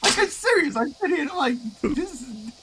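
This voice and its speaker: A man's voice: very high voice, very animated, brisk. A middle-aged man co-hosting a stream, chatting casually and teasing his friend, with some swearing. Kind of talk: casual chat. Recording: faint background noise.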